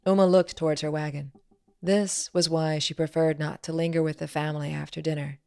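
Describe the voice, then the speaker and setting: A woman author narrating her own fantasy story in a measured storytelling manner. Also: deep voice, flat delivery, vocal fry, a little mellow, clean tone, dry recording.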